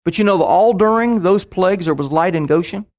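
High-voiced man preaching a sermon. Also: darkish tone. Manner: storytelling with asides and quick bursts.

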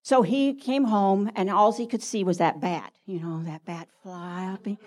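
A woman's voice: mid-range voice, steady tone, a little slow, darkish tone. A woman telling a story at a church talk, acting out the voices and laughing often.

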